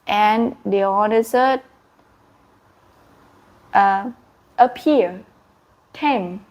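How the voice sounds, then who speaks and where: Woman, English teacher, animated story, sound effects, slow. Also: mid-range voice. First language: Vietnamese. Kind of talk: storytelling lesson.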